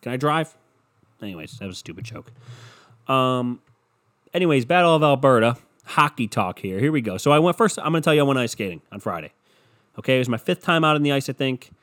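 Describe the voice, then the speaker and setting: A man's voice: medium pitch, very animated, quick pace, a bit bright. Rambling, cursing podcast guy. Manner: rambling, profane, self-mocking. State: congested with a cold. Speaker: podcast host. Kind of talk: casual solo podcast chat.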